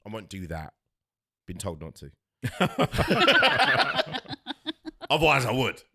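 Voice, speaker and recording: A man's voice: medium pitch, huge pitch swings, takes it slowly, creaky, bright, forceful tone. A man hosting a casual sports chat show, playful and teasing, leaning hard on his points. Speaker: show host.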